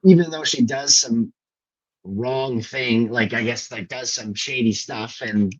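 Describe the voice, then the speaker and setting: A man's voice: mid-range voice, unhurried. Rambling man on slightly dull audio. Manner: rambling, hesitant, searching for words. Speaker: podcast co-host. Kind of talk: casual film discussion.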